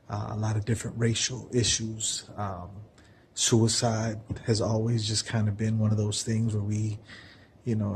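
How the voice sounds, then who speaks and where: A man's voice: on the low side, a little hiss or hum. A man telling a story in a casual, earnest way, keeping his voice down, with many fillers. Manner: soft-spoken, keeping voice down. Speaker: vlogger telling a parable.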